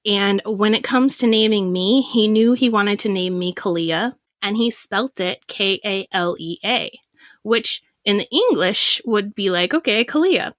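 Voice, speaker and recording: A woman's voice: mid-range voice, measured pace, dry recording, clean studio sound. A woman in her thirties from Washington State, a podcast guest telling personal stories, acting out what people said and laughing often. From Washington State, USA. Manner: lively, acts out quoted voices, laughs often. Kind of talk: candid personal storytelling.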